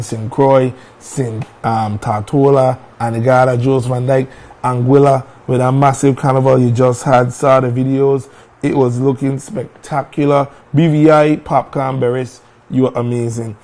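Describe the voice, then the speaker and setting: A man's voice: medium pitch, dark tone. A man hosting a morning show, greeting listeners in an upbeat way with frequent fillers and restarts.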